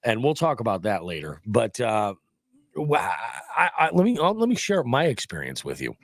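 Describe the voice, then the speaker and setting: A man's voice: medium pitch, huge pitch swings, moderate pace, vocal fry, dry recording. A congested middle-aged man hosting a podcast, chatting casually in a rambling, profane, joking way. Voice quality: stuffy, nasal. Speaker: podcast host. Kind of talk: casual chat. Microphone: studio mic.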